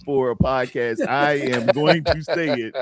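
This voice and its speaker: A man co-hosting a podcast, joking in an excited way. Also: mid-range voice, unhurried. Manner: excited, laughs while joking. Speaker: podcast co-host. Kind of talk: casual chat.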